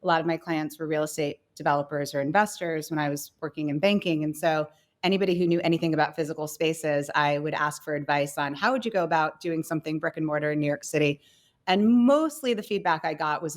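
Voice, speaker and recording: Low-voiced woman telling her founding story. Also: fairly quick. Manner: reflective, many fillers like "you know" and "kind of". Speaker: guest, company co-founder and CEO. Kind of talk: conversational podcast interview.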